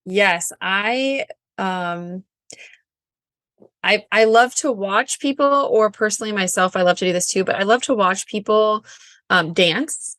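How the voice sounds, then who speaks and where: A woman's voice: mid-range voice, unhurried, fairly bright tone, dry recording. Chatty thirties woman coach, bubbly, lots of likes and ums, dry close sound. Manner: bubbly, chatty, says like and um often. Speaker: guest, Enneagram coach. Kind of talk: casual interview chat.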